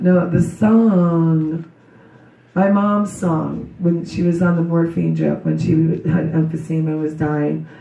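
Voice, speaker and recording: A middle-aged woman with a loud voice gives a slow, earnest memorial tribute to her daughter. She speaks religiously and wanders into asides as she recites a poem. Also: lowish voice, gravelly, slight background noise. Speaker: grieving mother giving a memorial tribute. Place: memorial gathering in a large room. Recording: echoey hall, distant dull mic.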